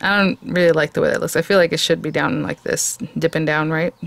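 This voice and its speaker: A woman's voice: deep voice, fairly even intonation, a little fast, gravelly, no room sound. A middle-aged woman hosting a casual crafting tutorial, chatting, thinking aloud and laughing often as she works. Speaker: craft video host.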